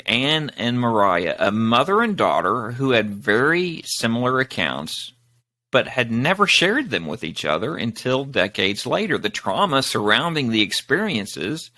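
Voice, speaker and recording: A man hosting an interview show, friendly and relaxed, with some filler words. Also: mid-range voice. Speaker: podcast host. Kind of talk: casual interview.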